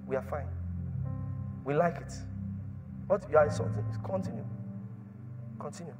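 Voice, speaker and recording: A man preaching a sermon in church, repeating phrases and swinging from hushed tones to shouts. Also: on the high side, moderate pace, music in the background.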